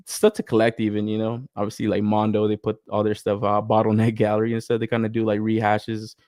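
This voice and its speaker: A man's voice: on the low side, no room sound, clean studio sound. A young man hosting a collector podcast in casual chat, swearing freely, laughing often and getting worked up as he tells stories and reads chat messages. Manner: profane, laughs often, excitable storytelling. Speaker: podcast host reading live chat.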